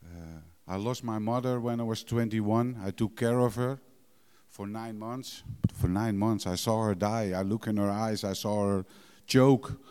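A middle-aged man with a low, mellow and smooth voice speaks frankly about his own life. He talks in broken English, blunt and emotional, swearing without hesitation. The sound carries a long hall reverb. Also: moderate pace. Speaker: recovering addict sharing his story. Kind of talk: candid personal testimony.

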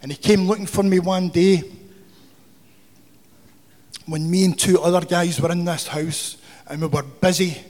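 A man's voice: high-pitched, steady tone, measured pace, pauses often, darkish tone. A man telling a humorous, profane recovery story to a meeting. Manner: swearing, humorous, confessional. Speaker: recovery speaker. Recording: hall with long reverb.

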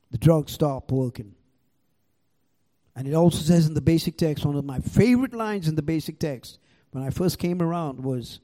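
A man's voice: fairly high pitch, mellow. An older man with an Indian accent, sharing his recovery story to a live audience in a raw, profane, storytelling way. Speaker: recovery meeting speaker. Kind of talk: personal share to a live audience.

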